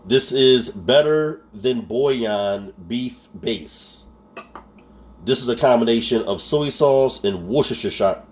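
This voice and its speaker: A man's voice: medium pitch, expressive, takes it slowly. Chatty Philly man hosting a cooking show. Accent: Philadelphia. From Philadelphia. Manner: chatty, laughs at himself, keeps asking "okay?". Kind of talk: casual cooking tutorial.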